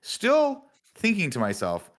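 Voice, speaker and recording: A man co-hosting a podcast, telling a story in a lively way and acting out what people said. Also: high-pitched, takes it slowly. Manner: animated storyteller acting out quotes. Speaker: podcast co-host. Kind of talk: casual storytelling chat.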